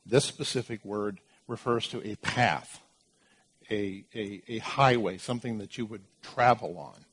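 Husky low-voiced man teaching scripture. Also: unhurried, fairly bright tone. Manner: emphatic, explains scripture with asides and restarts. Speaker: preacher. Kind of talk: verse-by-verse Bible teaching.

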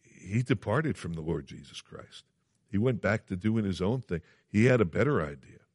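A man's voice: on the low side, lively intonation, moderate pace, a little mellow, no echo, clean studio sound. A man preaching a sermon, earnest and emphatic, repeating phrases and asking his listeners questions.

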